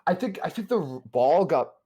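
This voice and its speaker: A man casting a live esports match with quick, excitable play-by-play and frequent restarts. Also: on the high side, husky, muffled recording. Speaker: esports caster.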